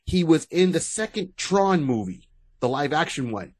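A man's voice: on the high side, very animated, normal speed. A man co-hosting a podcast, chatting casually and rambling with restarts and asides. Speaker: podcast co-host. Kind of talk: casual chat.

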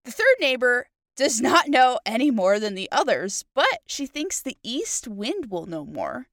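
A woman co-hosting a podcast who retells a fairy tale in a playful, animated way. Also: on the high side, unhurried, dry recording, studio quality. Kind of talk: casual chat and story narration.

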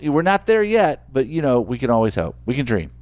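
A man's voice: medium pitch, sing-song, brisk, a little mellow, no echo. A man co-hosting a casual chat who jokes and teases, often restarting his sentences. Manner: joking, teasing, stumbling restarts.

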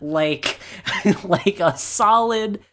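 A woman's voice: mid-range voice, drawn-out words, background noise. A woman co-hosting a casual podcast about a video game, talking animatedly, laughing often and acting out characters. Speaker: podcast co-host. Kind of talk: casual game discussion chat.

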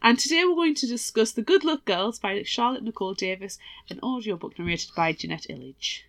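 A woman's voice: medium pitch, lively intonation, brisk, fairly bright tone. A woman co-hosting a book podcast in playful, teasing casual chat. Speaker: podcast co-host.

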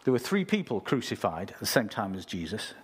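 Male preacher, husky voice, casual sermon, talks to the congregation. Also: lowish voice, sing-song, a little fast. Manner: conversational preaching, reads scripture, asks listeners.

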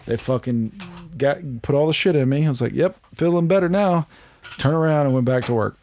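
A man, chatting on a podcast as host, telling animated stories, swearing freely and laughing often. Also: mid-range voice, quick pace. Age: 30s. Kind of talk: casual chat.

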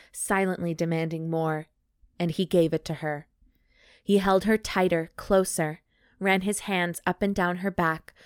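A woman's voice: lowish voice, smooth, dry recording, clean studio sound. Playful woman reading romance aloud. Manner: reads steamy prose aloud with playful commentary. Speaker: podcast co-host reading a romance novel aloud. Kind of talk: casual chat and mock-dramatic reading.

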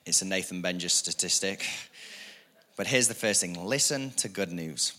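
A man preaching a sermon as pastor, energetic and repetitive, building emphasis with casual asides. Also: deep voice, moderate pace.

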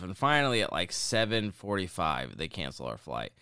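A man's voice: sits low, big pitch swings, normal speed, pushed and bright, clean tone, no room sound, clean studio sound. A young man casually telling a long, profane story to a friend in a podcast chat. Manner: profane, rambling anecdote-telling.

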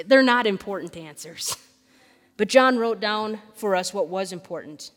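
Woman pastor preaching, high voice, acts out the story, long echo in the church. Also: fairly quick. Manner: animated storytelling, acts out questions and quotes. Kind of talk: sermon. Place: church sanctuary.

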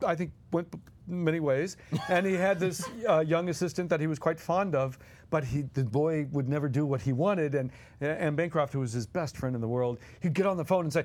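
Animated male storyteller. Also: a little high, a little fast. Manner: animated storyteller, laughing, acting out quotes. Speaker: guest co-host. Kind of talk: casual anecdote telling.

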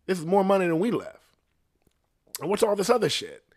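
A suspicious, angry father who fires off fast, accusing questions, as a man puts him on. His voice is pushed higher and louder than plain talk. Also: wildly swooping pitch, heavily acted.

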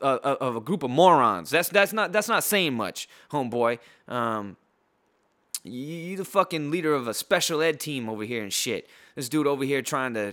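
A man from San Diego ranting as a podcast host, loud and trash-talking, a little tipsy, with lots of restarts. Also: medium pitch. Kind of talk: profane sports rant.

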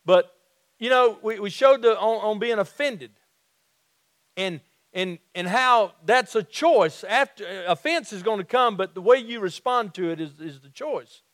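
High-voiced Southern preacher, folksy and earnest. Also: male voice, expressive, a bit bright, no echo, clean studio sound. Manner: folksy, repeats and restarts phrases, slows for emphasis. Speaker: pastor. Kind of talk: sermon.

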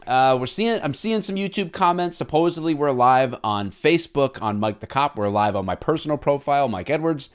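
A man in his thirties co-hosts a loose podcast chat at an ordinary, mid-range pitch. He jokes and rambles, often laughing at his own lines. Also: lively intonation, a little fast, few pauses, smooth. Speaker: podcast co-host.

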